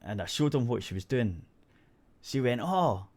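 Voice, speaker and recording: A man's voice: mid-range voice, lively intonation, normal speed, darkish tone. A Scottish man hosting a radio show, rambling through a story in casual chat and swearing freely.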